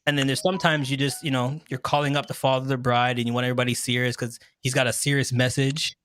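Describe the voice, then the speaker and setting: Man, chatty host, bright, lively, close handheld mic, dry sound. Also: medium pitch, fast talker, smooth, dry recording. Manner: animated, joking, laughs often, does mocking impressions. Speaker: host and wedding MC. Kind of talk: casual talk show chat. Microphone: handheld microphone, close.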